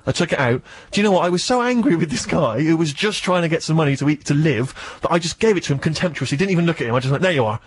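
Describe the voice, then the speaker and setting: A man hosting a radio show, telling a comic story in an animated, self-mocking way that jumps up into indignant squeaks. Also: racing, few pauses, a little hiss or hum. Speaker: radio host.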